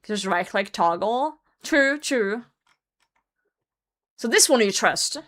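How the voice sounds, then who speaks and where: Taking it slowly, a woman streamer reads a story aloud in a mid-range, animated, slightly bright voice, chatting casually along the way. She interjects with blunt, swear-filled remarks and laughs often through the reading.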